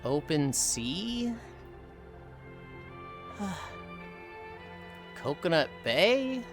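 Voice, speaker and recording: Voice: medium pitch, sing-song, drawn-out words, over music. A livestreamer chatting casually over a fishing game, swearing freely and sighing often between remarks. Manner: profane, sighs often, chatty. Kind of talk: casual gaming commentary.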